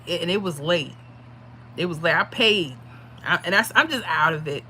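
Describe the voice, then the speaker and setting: A woman's voice: fairly low pitch, normal speed, sharp tone, a little hiss or hum. A tired woman hosting a casual livestream, chatting and reading out viewer comments. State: tired from little sleep. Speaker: livestream host giving lottery predictions.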